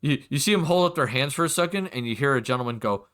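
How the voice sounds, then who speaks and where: A man's voice: medium pitch, expressive, fast talker, fairly bright tone. A man narrating casually as game master of a tabletop game, with many fillers.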